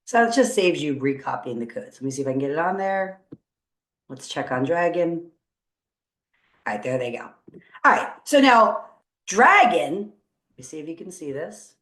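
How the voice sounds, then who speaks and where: A woman's voice: deep voice, big pitch swings, normal speed, pauses often, fairly bright tone. A woman teacher walking students through a coding tutorial on screen, upbeat and encouraging as she thinks aloud. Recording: roomy echo.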